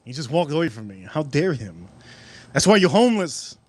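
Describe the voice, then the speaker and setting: A man hosting a live stream outdoors at a barbecue, chatting casually and rambling through animated stories. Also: a little high, moderate pace, no room sound.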